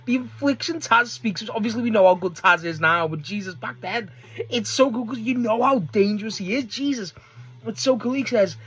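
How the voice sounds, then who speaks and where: A young man, recapping a wrestling match in casual chat, excitable and swearing often. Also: sits high, normal speed, slightly rough. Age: young adult. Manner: excitable, swears a lot, acts out promo quotes. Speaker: wrestling video host.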